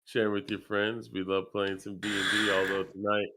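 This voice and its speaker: A man's voice: fairly low pitch, level tone, moderate pace, very noisy. A man hosting a tabletop gaming podcast, speaking in a tired, easygoing way. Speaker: podcast host and player. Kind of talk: casual outro chat.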